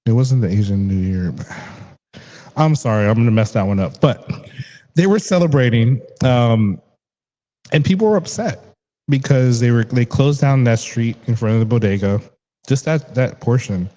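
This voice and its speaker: A man's voice: medium pitch, normal speed, dark tone, lo-fi sound. A young man hosting a casual interview, chatty and rambling, laughing often. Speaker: podcast host.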